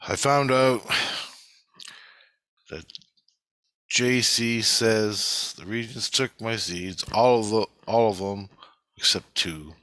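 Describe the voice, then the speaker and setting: Speaking slowly with long pauses, a man vlogs about his personal spiritual experiences, swearing freely and frequently restarting and correcting himself as he rambles. His fairly low voice is a bit bright, in a dry recording.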